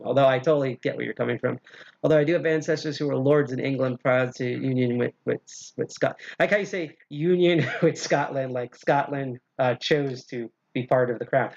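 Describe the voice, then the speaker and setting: A man hosts a casual lockpicking demo stream, talking in a loose, rambling way with lots of "uh"s and wisecracks. His voice sits at an ordinary middle pitch for a man. The audio is dull and lo-fi, like a home livestream mic. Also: vocal fry, darkish tone. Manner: rambling and jokey, with many filler sounds. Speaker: lockpicking host and instructor.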